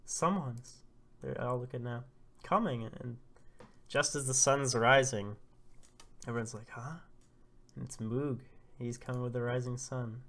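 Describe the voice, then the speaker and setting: Excitable man retelling a manga. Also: mid-range voice, unhurried, long pauses. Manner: excitable, laughing. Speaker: host retelling a manga chapter. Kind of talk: casual read-through.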